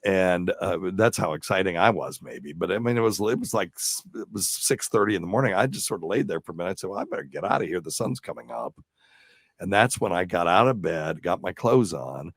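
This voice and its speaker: A man's voice: low-pitched, expressive, brisk, no room sound, studio quality. A man hosting a radio talk show, telling a long story in a rambling, casual way with lots of fillers and chuckles. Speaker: radio show host and doctor.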